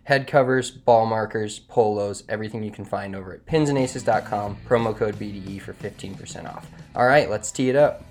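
A young man with a lowish voice co-hosts a golf podcast. He reads sponsor spots with pep and tells stories in a chatty, energetic way, swearing often. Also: a little fast, hardly any pauses. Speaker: podcast co-host. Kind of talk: casual chat and read sponsor spots.

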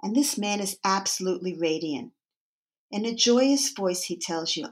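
Calm woman guiding a meditation. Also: mid-range voice, slight background noise. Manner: slow, calm, reflective. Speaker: meditation guide. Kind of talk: guided meditation.

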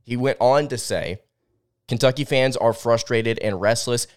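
A man hosts a solo sports talk show, chatting loosely and stopping to read quotes aloud. His voice is smooth and clear at an ordinary male pitch. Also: unhurried. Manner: conversational, reads quotes aloud, frequent fillers. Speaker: sports podcast host.

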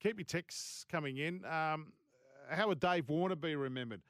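A man's voice: on the high side, normal speed, no echo, clean studio sound. An Australian man hosting a sports talk radio show, speaking bluntly and indignantly in a colloquial way. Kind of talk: talk radio opinion segment. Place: radio studio.

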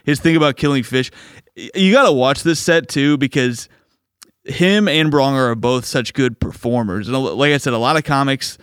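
A man's voice: mid-range voice, moderate pace, clean tone, no room sound, studio quality. A man hosting a comedy program, talking enthusiastically and rambling, chuckling as he goes. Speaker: radio show host. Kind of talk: casual commentary.

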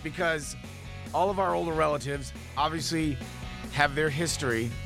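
A man co-hosting a radio show in casual chat, tossing in quips and pitching a call-in question. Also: creaky, over music. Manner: quick quips and upbeat show prompts.

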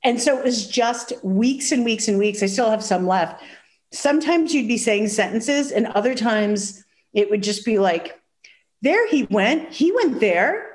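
A woman with a nasal Chicago accent, chatting as a guest and telling animated stories full of acted-out quotes. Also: on the high side, unhurried. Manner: animated storyteller, acts out quotes, many fillers. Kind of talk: casual chat.

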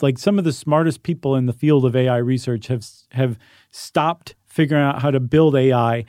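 A man's voice: medium pitch, moderate pace, darkish tone, dry recording, clean studio sound. Easygoing man co-hosting a podcast. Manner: explanatory, easygoing, thinks aloud with fillers. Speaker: podcast co-host. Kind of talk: casual conversational podcast.

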